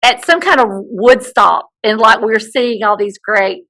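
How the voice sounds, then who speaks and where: Podcast co-host, woman, playful and teasing, with a bright voice on the higher side. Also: animated, measured pace, poor audio. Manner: joking and teasing. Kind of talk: casual chat.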